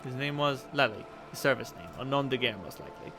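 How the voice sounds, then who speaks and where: A man reading aloud as a composed middle-aged woman envoy, in a measured, formal and diplomatic way. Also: medium pitch, lively intonation, music in the background, close to an everyday voice. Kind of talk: reading game dialogue aloud.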